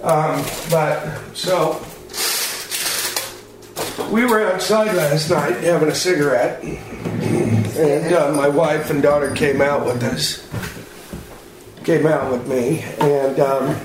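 A man's voice: fairly high pitch, slow pace. A man giving a witness statement, rambling and repeating himself in a plain-spoken casual account. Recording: heavy echo, faint background noise.

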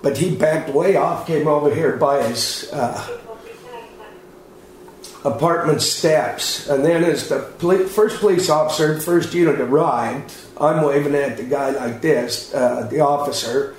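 A man's voice: fairly high pitch, measured pace. A man giving a witness statement, rambling and repeating himself in a plain-spoken casual account. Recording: heavy echo, faint background noise.

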